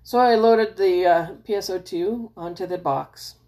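This is a woman chatting casually to her viewers as a gamer vlogger, her voice a little lower than most. She is excitable and chatty, fixes her own slips mid-sentence, and playacts her reactions in big, high bursts. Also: a little slow. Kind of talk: casual chat.

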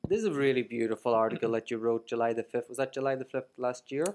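Irish man, podcast host, casual chat, animated, mid pitch. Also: quick pace. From Ireland.

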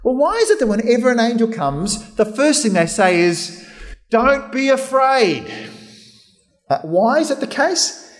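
A man's voice: very high-pitched, very animated, moderate pace, soft background music. A man preaching a sermon, telling the story vividly and acting out the voices of the people in it. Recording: hall reverb.

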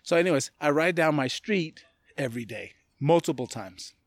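A man from California, a podcast guest, telling a personal story in a loose, animated way and often laughing as he talks. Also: a little high, no room sound. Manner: animated, acts out other people's lines in quick voices. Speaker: podcast guest, martial arts gym owner. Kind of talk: casual storytelling.

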